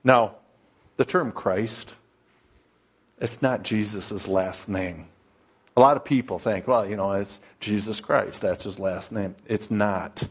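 A man preaching a sermon in a slow, conversational style, often pausing on fillers and building to emphatic, rising passages. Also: on the low side, breathy edge. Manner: plain storytelling with frequent fillers.

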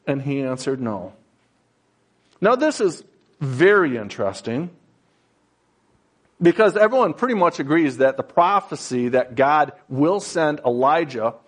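Slow-paced male preacher. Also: a little high, big pitch swings. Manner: slow, conversational preaching that builds to emphatic, rising passages; plain storytelling with frequent fillers. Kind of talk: sermon.

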